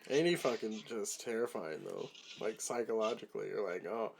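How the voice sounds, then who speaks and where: A man's voice: on the low side, lively intonation, moderate pace, gravelly. Profane joking man over background noise. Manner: profane, jokey, riffs with sarcasm. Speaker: podcast co-host. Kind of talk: casual chat.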